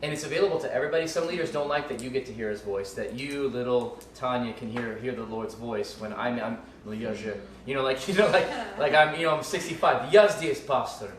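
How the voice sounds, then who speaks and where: A ministry school teacher leads a live class in a loose, rambling way, full of restarts, fillers, and jokes for his listeners. His mid-range, somewhat bright voice moves a little fast with hardly any pauses. The recording is echoey, with the mic at a distance and faint background noise.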